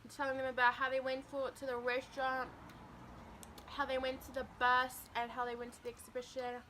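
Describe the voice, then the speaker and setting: A young woman spins a rambling story while eating on camera, her voice sitting high. She talks in a casual, playful way. A faint room hum runs under her voice. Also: completely flat delivery, fairly quick, sharp tone. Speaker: vlogger. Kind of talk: mukbang story time.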